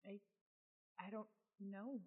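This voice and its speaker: A woman's voice: medium pitch, fairly even intonation, takes it slowly, slightly rough. A woman playing in a tabletop game, speaking hesitantly with stammering restarts. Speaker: player. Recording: muffled lo-fi audio.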